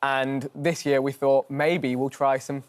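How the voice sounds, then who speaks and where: A man's voice: mid-range voice, flat delivery, measured pace, clear, resonant tone. A young man, a guest on a TV show, answering steadily about his group's plans with easy fillers. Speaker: guest, online content creator. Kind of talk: interview answers.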